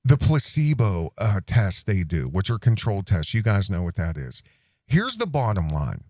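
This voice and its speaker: A man's voice: deep voice, huge pitch swings, moderate pace, darkish tone, no echo, clean studio sound. Rambling man hosting a commentary show. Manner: rambling and self-interrupting, with restarts and asides. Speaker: host.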